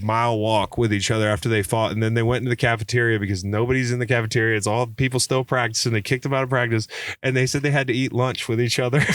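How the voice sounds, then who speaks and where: Brief: man guest, casual swearing storyteller, mid-pitched, acts out voices. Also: no echo. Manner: animated, swearing, acts out quotes. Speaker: podcast guest.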